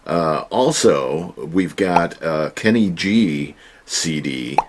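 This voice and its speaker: A man's voice: very deep voice, animated, drawn-out words, background noise. A man hosting a casual home vlog, chatting in a folksy way with joking asides from his storage room. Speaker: online reseller and channel host.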